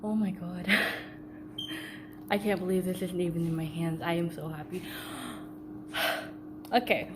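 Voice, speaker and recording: A woman's voice: lowish voice, little pitch movement, slow, pauses often, background noise. A young woman filming a casual unboxing vlog on her phone at home, giddy and giggly, rambling with lots of fillers. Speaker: vlogger. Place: upstairs room at home. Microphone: phone held by the speaker.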